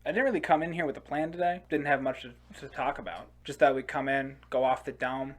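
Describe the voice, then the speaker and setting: A man co-hosting a podcast, chatting casually and telling an animated, sweary story. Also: mid-range voice, brisk. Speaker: podcast co-host. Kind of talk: casual chat.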